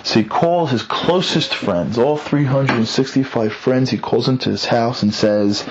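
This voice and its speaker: A man teaching through an animated, conversational retelling of a story, with dramatic asides. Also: mid-range voice, measured pace, hardly any pauses, lo-fi sound.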